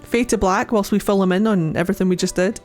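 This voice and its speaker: A woman's voice: mid-range voice, steady tone, quick pace, soft background music. Giggly, playful woman streamer. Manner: playful and giggly, with frequent laughs; chatty, with many filler likes. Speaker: streamer playing a game. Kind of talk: casual let's-play commentary, reading game text aloud.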